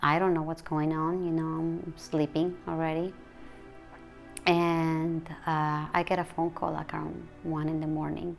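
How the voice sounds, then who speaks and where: A woman's voice: deep voice, little pitch movement, vocal fry, soft background music. Emotional woman. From Mexico City. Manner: halting, emotional retelling with many restarts. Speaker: interviewee. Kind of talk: personal interview.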